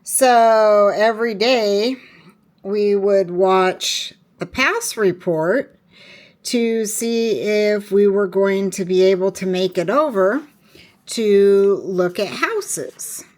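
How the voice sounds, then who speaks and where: Slow-talking chatty woman vlogger. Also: medium pitch, a little mellow. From Washington State, US. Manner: chatty, rambling with many fillers and restarts; slow, unhurried talk. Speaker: planner vlogger. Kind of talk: casual chat while planning.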